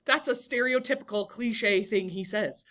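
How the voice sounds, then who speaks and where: A woman's voice: medium pitch, normal speed, fairly bright tone. A young woman teaching a classroom lesson, encouraging and talking to students by name.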